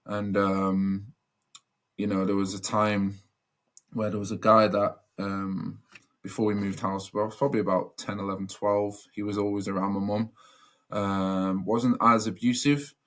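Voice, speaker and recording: A man's voice: on the low side, monotone, measured pace. A young man telling a personal story as a podcast guest, earnest and reflective, with many fillers and restarts.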